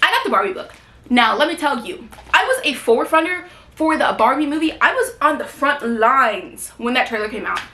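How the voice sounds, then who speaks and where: A woman's voice: high-pitched, sing-song, brisk, bright, forceful tone, roomy sound, slight background noise. A young woman chatting casually about her new books, gushing and rambling with lots of fillers. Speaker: book vlogger. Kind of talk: casual book haul chat. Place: room at home with bookshelf.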